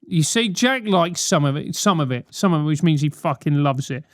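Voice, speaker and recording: A man's voice: fairly high pitch, animated, moderate pace, no room sound, studio quality. A man in his thirties with a London accent, hosting a podcast and answering listener letters with blunt, sweary, mock-outraged banter. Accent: London English. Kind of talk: comedic advice monologue.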